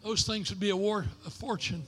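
An older man preaching a sermon as pastor, in a preacher's cadence that builds to shouted declarations. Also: high voice, fairly even intonation, a little fast, long reverb tail, slight background noise. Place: church sanctuary.

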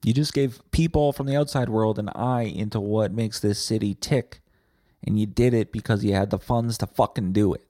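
A man's voice: on the low side, steady tone, moderate pace, warm tone, no room sound, studio quality. A man hosting a podcast, ranting in a crude, heavily profane casual monologue. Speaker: podcast host.

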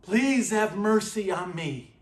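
A man's voice: sits high, animated, slow pace. A man voicing a desperate blind male beggar who shrieks and pleads for mercy, in an echoey church. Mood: desperate shouting. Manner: shouting, pleading. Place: church sanctuary.

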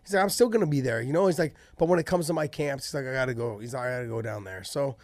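A man in casual chat, telling fight stories with animated energy and freely swearing. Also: medium pitch, very fast, no echo. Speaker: podcast co-host and former fighter.

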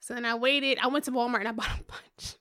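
A woman in her thirties, a podcast co-host, telling a story in casual chat, animated and swearing freely as she acts out what others said. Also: fairly high pitch, fast talker, smooth, no room sound, clean studio sound. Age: 30s. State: pregnant.

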